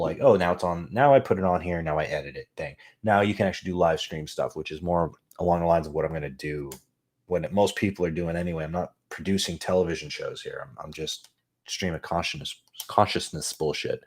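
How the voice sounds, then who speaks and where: A man hosting his own podcast, rambling casually and swearing now and then as he talks into a desk microphone. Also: deep voice. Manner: rambling, profane, self-deprecating. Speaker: podcast host. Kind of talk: casual stream-of-consciousness talk. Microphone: desk USB mic on boom arm.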